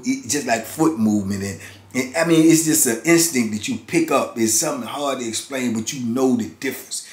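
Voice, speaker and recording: A man in his fifties telling a prison story in casual, animated talk. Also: mid-range voice. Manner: animated, acts out others' voices. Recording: roomy echo.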